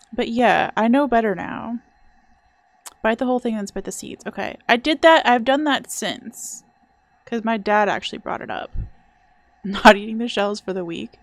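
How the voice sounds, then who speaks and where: A woman's voice: mid-range voice, creaky, no echo. A young adult woman streaming a video game, chatting casually in a rambling, self-deprecating way. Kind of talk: casual gameplay chat.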